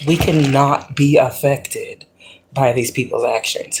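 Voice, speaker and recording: A woman's voice: extremely low pitch, fairly even intonation, slow, noisy background. A woman hosting a spiritual livestream, talking casually and animatedly, repeating herself and often breaking into laughter. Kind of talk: casual spiritual pep talk.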